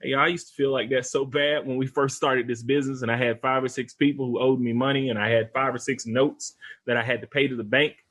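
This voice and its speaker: A man, a podcast host giving an animated, motivational talk that calls out to listeners as y'all. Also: medium pitch, fairly quick. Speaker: podcast host and real estate investor.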